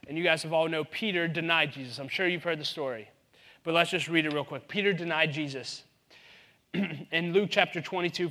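Bright-voiced man preaching earnestly. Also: a little high. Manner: earnest, conversational preaching with frequent restarts. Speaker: pastor. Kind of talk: sermon.

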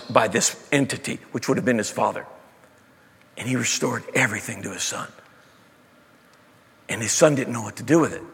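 A man's voice: medium pitch, breathy edge, long reverb tail. A male preacher giving a dramatic storytelling sermon, asking the audience questions as he retells a parable.

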